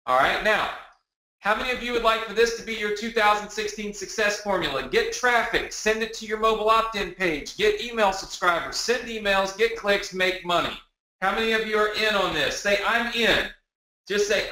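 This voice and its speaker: High, bright-voiced man pitching a webinar. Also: roomy sound, poor audio. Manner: energetic, repetitive, rallying the audience with questions. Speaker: webinar presenter selling a product. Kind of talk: live sales webinar pitch. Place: home office.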